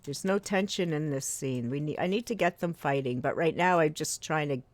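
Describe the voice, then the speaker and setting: A woman's voice: sits low, moderate pace. A middle-aged woman writer chatting casually on a live stream as she edits her draft, thinking aloud and answering chat with small laughs. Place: home desk with her books on a shelf above.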